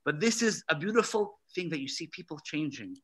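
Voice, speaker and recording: A man's voice: a little high, lively intonation, a little fast, low-quality recording. A man, a rabbi, telling a story at a gathering, acting out the dialogue with emphasis. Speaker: emissary rabbi. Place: synagogue gathering hall.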